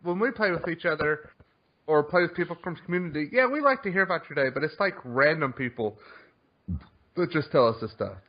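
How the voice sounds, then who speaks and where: A man co-hosting a gaming podcast, talking fast and defensively in casual banter, often laughing. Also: a little high, animated. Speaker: podcast co-host. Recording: dull lo-fi online podcast audio.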